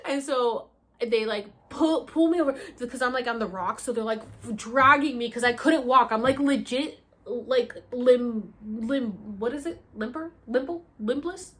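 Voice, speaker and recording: This young woman tells her story in a loose, chatty vlog style, jumping into high, loud bursts when she acts out what she said. Her voice sits a little high for a woman, and her delivery is animated and unfiltered, with casual swearing. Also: normal speed. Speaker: vlogger.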